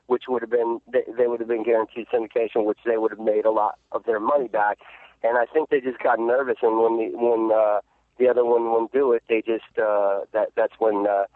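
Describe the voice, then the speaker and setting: A man speaks over a tinny phone line that sounds narrow and dry. He talks in a halting, casual way, stumbling over restarts and fillers and laughing often, and his pitch sits in an ordinary middle range. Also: no echo. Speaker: actor guest. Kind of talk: phone interview, casual storytelling.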